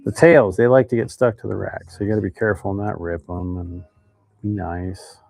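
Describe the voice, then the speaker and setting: A man's voice: sits low, fairly even intonation, brisk, creaky, a little mellow, faint music behind. Chatty man hosting a live stream. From Idaho, United States. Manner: chatty, reads viewer comments aloud. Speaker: live stream host making fishing baits. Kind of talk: casual live stream chat.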